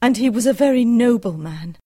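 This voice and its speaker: Earnest young wife played by a woman, high voice, dry audiobook drama. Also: animated, brisk, dark tone, no room sound. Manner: earnest, pleading. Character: devoted young wife and mother hiding a secret.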